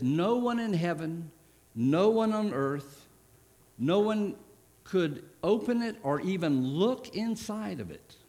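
A man preaching a sermon, stressing words hard and then dropping to a soft voice for key points. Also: on the high side. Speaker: pastor.

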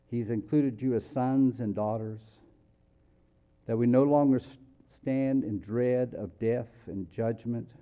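A man preaching a sermon, moving between loud, emphatic calls and hushed, quiet passages. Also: lowish voice. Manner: dynamic, swings from loud exclamations to hushed near-whispers.

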